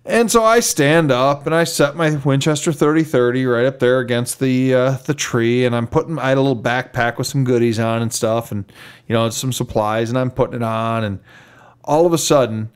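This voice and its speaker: A man's voice: medium pitch, a little fast, smooth. A man, a podcast co-host, telling a long story in a casual, rambling way and acting out the voices of the people in it. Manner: rambling, animated, acts out quoted voices.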